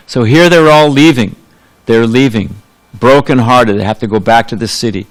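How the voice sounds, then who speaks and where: A man's voice: mid-range voice, normal speed. A man giving a sermon in a temple, talking in a loose conversational way, trailing off into asides and restarting his sentences. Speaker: preacher. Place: temple hall.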